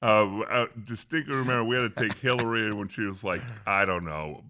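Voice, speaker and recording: Easygoing middle-aged co-host guy, bright voice, casual sports chat. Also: fairly low pitch, a little fast.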